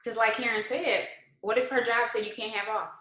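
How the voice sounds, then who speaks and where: A woman's slightly high, sharp voice holds a fairly even intonation at a fairly quick pace as she hosts a casual live-stream pep talk at home. This motivational host fires rhetorical questions while mixing faith-based encouragement, colloquial asides, and lots of laughter, captured with roomy sound on a low-quality recording.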